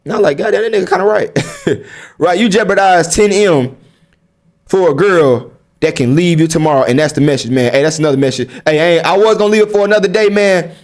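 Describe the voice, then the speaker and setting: A young man with a slightly high voice gives his viewers blunt, casual advice. He talks in street slang and keeps throwing rhetorical questions at them. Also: brisk. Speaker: vlogger. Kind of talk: casual advice monologue to camera.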